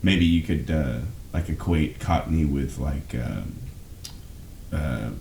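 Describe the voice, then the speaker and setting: Low-voiced hesitant man, echoey room. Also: vocal fry, a little mellow, a little hiss or hum. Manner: hesitant, halting, laughs often. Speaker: podcast co-host. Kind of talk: casual chat.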